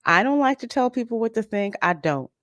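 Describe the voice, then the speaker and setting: A woman's voice: fairly high pitch, animated, fairly quick, a bit bright, no echo, studio quality. A woman hosting a live-stream review, blunt and opinionated, stressing her points by repeating them in a casual commentary style. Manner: blunt, opinionated, emphatic repetitions. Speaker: YouTube channel host reading live chat.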